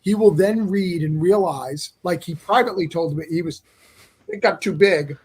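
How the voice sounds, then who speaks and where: A man's voice: high-pitched, moderate pace, a little mellow, slightly rough. A man as a podcast guest, chatting casually and explaining things carefully, with frequent stammers and restarts. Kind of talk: casual chat.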